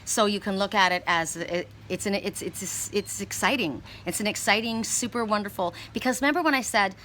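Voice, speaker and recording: Animated woman giving a card reading. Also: medium pitch, fairly quick, a little hiss or hum. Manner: animated storytelling, frequent restarts. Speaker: oracle card reader. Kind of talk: casual spiritual card reading. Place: outdoors by water, California.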